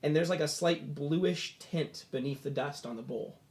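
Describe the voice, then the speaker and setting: Game master type: a man with a slightly raised pitch, narrating casually with fillers. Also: moderate pace, darkish tone. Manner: loose, filler-heavy narration.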